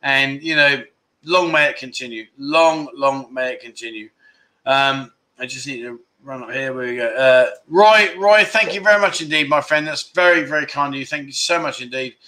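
Guy hosting a chill livestream, really bright voice, chatty and thankful, trips over his words. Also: medium pitch, moderate pace. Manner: chatty, grateful, self-mocking, many restarts. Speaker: livestream host. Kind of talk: casual chat reading out viewer donations. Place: Pattaya, Thailand.

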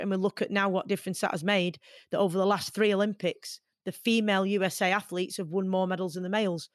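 Manc woman in her 40s chatting as a guest, earnest and lively, medium voice, dry close mic. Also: medium pitch, no room sound. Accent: Mancunian. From Manchester, England. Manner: earnest and animated, many fillers. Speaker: guest, boxer. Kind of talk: conversational interview.

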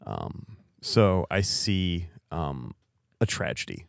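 Low-voiced, wry podcast co-host man. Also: big pitch swings, slow, gravelly, clean tone, no room sound, clean studio sound. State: recovering from illness. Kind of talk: casual chat.

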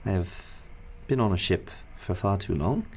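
A man voicing a weary female ship captain who speaks in a tired, quiet, longing way. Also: sits low, lively intonation, unhurried, husky, exaggerated voice.

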